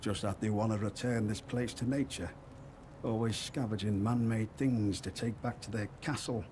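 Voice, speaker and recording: A man doing a deep-voiced northern trader. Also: steady tone, normal speed, darkish tone, a little hiss or hum, lightly acted. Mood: ominous. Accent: northern English with Liverpool hints. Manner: folksy, wary, chatty storyteller. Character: gruff male woodland trader, northern English.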